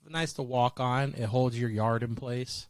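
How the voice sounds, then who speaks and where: A man's voice: medium pitch, steady tone, moderate pace, no echo. Male co-host, easygoing, chuckles a lot, dry close recording. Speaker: podcast co-host. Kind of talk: casual podcast chat. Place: in Florida.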